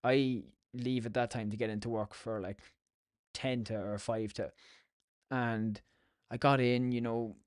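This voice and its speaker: A man's voice: medium pitch, fairly even intonation, unhurried, dry recording, clean studio sound. An Irish man hosting a podcast, telling stories in a casual, rambling, sweary way. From Ireland. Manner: sweary, chatty storytelling. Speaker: podcast host.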